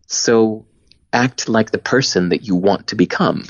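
A man, a guest on a podcast, telling stories in a relaxed, expressive way. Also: lowish voice, measured pace, breathy edge, no echo. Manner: animated storyteller, expressive. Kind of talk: casual podcast conversation. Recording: dull lo-fi, dry sound.

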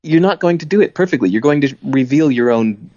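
Lively, animated man in conversation. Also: a little high, a little fast, dry recording. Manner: animated storyteller, expressive. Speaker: guest. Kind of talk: casual podcast conversation. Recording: dull lo-fi, dry sound.

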